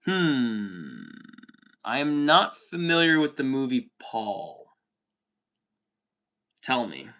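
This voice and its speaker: Streamer, male, thirties, bright tense voice, rambling and profane, calls everyone dude. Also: medium pitch, very animated, very slow, long pauses. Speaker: livestream host reading chat. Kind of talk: casual chat.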